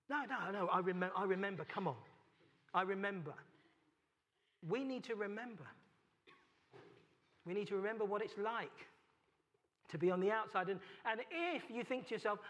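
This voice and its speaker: High-voiced London man preaching a sermon. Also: lively intonation, moderate pace, long pauses, a bit bright. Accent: London English. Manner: emphatic, repeats key phrases, rhetorical questions. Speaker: pastor.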